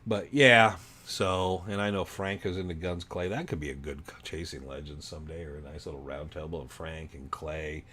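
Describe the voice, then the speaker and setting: Casting note: middle-aged Arizona man, very low voice, meandering chat host, faint hiss behind. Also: normal speed, hardly any pauses, pushed and bright. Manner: rambling, chatty, many ums. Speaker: livestream host. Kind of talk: casual livestream chat.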